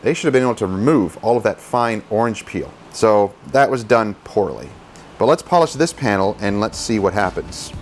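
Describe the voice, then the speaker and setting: A man's voice: fairly low pitch, lively intonation, moderate pace. A man who details cars, explaining paint polishing in a casual, chatty how-to style and joking at his own expense. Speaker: car detailer teaching polishing.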